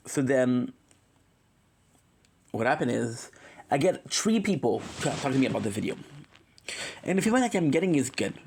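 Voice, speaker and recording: A man's voice: medium pitch, a little hiss or hum. Rambling man confessing on a livestream. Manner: rambling, emotional, often corrects himself.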